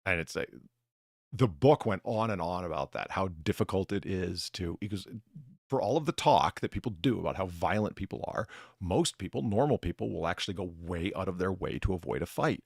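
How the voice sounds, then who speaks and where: A podcast host with a bartender persona speaks in a low, creaky, husky voice, fairly quick, in a dry, studio-quality recording. He hosts a casual chat, telling stories with plenty of laughter, acting out lines of dialogue and swearing casually.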